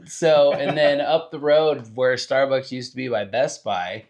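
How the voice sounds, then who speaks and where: A young man chatting as a guest on a podcast, loose and easygoing. He drops slang like bro and man between his thoughts, and his pitch sits in a normal middle range for a man. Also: a little slow, darkish tone. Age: young adult. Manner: laid-back slangy talk, says bro and man. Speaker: podcast guest, roofer and rapper. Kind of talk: casual podcast chat.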